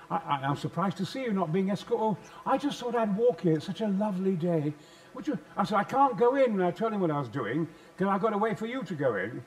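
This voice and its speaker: A theatrical man from Yorkshire tells stories in a booming, larger-than-life way. His voice sits high and leaps all over its range. He keeps breaking into loud, acted-out quotes. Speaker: interview guest. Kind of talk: animated anecdote telling.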